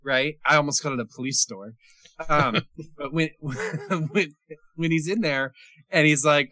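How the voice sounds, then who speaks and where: A man's voice: on the high side, normal speed, bright, forceful tone, no echo. A man co-hosting a podcast, reviewing movies in casual chat and laughing often. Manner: laughs often, trails off into quoting scenes.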